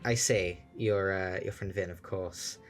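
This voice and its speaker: Aloof, icy woman, a man voicing her, curt lines, soft music behind. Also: sits low, steady tone, a little slow, pitched below the performer's own voice. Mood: cold. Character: Sarah, a cold, aloof woman.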